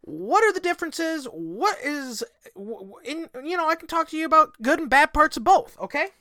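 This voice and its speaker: A man with a bright, sharp voice hosts his own podcast alone, cursing freely as he rambles and hammers his points home. The sound is dry and close on a desk mic, with no room around it. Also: extremely high pitch, very animated, normal speed, dry recording. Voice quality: profane, rambling, emphatic. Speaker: podcast host. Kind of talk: solo podcast monologue. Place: home in Michigan.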